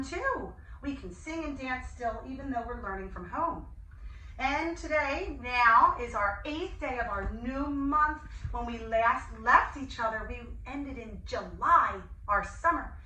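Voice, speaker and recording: A woman teaching young children in an online class, speaking in a sing-song, slow and gently enthusiastic way with gasps of delight. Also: on the high side, far from the mic. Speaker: preschool teacher. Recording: echoey room, voice a bit off-mic, faint hiss.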